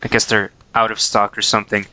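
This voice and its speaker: A man's voice: fairly low pitch, level tone, brisk, bright, forceful tone, clean tone, poor audio. A man casually commenting on his own gameplay on a livestream, joking and talking back to the characters. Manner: playful, jokey, talks to the characters. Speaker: streamer.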